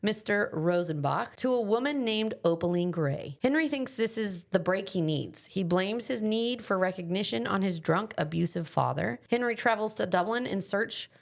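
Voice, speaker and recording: A woman hosting a book podcast, recapping the plot in a loose, conversational way. She talks in quick bursts, leans on "like" as a filler, and stays in a mid-range pitch. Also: expressive, gravelly. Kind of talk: casual book summary chat.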